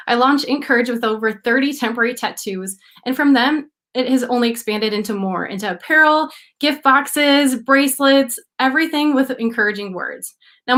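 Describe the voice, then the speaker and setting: Upbeat young woman giving a pitch. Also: fairly bright tone. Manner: upbeat, encouraging. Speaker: business founder pitching. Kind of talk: rehearsed pitch presentation. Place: remote video call.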